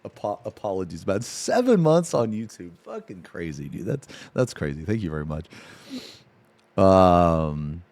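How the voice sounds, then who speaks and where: A male streamer talks in a lively, swinging voice that jumps up and down in pitch. He swears freely and laughs his way through stories to his chat. The sound is close and dry, with no room in it. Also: a little slow, no room sound. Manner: profane, laughing, animated storytelling. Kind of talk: casual live-stream reaction chat.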